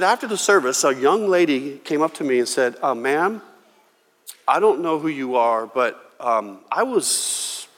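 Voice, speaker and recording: A man preaching a sermon as pastor, telling stories with lively acted-out quotes. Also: mid-range voice. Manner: animated storytelling, acting out quoted voices. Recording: long hall reverb.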